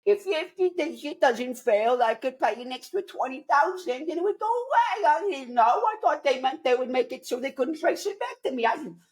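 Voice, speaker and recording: A man doing a shrill, whiny wimp of a rich man. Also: animated, normal speed, hardly any pauses. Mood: whining. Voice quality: high, whining pleading voice. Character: whiny, wimpy, curmudgeonly rich man begging.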